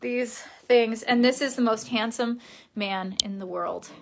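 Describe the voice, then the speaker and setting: Young New woman, chatty and giggly, livestreaming from her bedroom, pitch a touch high. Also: measured pace, gravelly. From Queens, New York. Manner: chatty, giggly, talks to viewers. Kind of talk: casual livestream chat.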